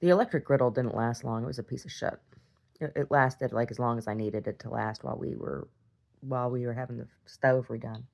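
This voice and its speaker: A woman's voice: extremely low pitch, brisk, vocal fry, a little mellow. A woman talking casually in a video diary, chatty and self-interrupting, laughing often. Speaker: video diarist.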